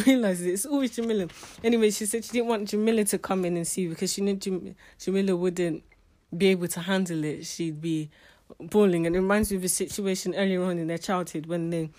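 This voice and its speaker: A woman's voice: medium pitch, darkish tone. A woman giving a casual spoken book review, chatty and emotional, often restarting her sentences.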